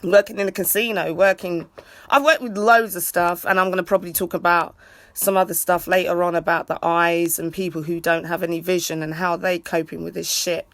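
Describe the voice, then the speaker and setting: A woman ranting casually on a livestream, swearing freely and breaking off for loud shout-outs to viewers. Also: lowish voice, fairly even intonation, a little fast, no room sound. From England. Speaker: livestreaming vlogger. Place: outdoors in a city.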